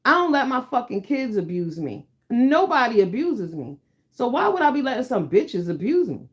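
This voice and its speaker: A woman's voice: on the high side, very animated, normal speed, breathy edge. A middle-aged woman chatting to her viewers, telling a story in a blunt, profane, emphatic rant. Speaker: YouTuber. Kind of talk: casual chat to viewers.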